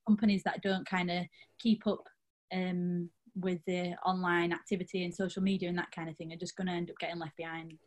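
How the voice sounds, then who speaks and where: A young woman being interviewed as a guest, relaxed and a bit hesitant, often trailing off softly. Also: fairly low pitch, a little fast. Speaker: guest, outdoor brand founder. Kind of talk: casual interview.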